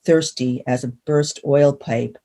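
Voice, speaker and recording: A woman from Canada giving a measured, rhythmic reading of her own poetry. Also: rumbling low, steady tone, dark tone. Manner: rhythmic, measured delivery of punning verse. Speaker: poet.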